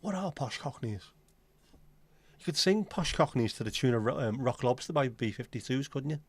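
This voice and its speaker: A man's voice: mid-range voice, lively intonation, moderate pace, slightly rough, dry recording. A man hosting a casual livestream chat, rambling and joking with frequent swearing. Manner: rambling, jokey and sweary, slips into silly voices. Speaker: livestream host.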